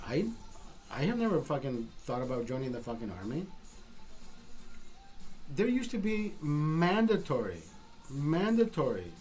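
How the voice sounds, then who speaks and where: A man's voice: a little high, measured pace, long pauses, soft background music. A man from Honduras with a Honduran accent, telling a story casually and profanely, acting out what people said. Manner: profane, animated storytelling with acted-out quotes. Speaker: podcast host.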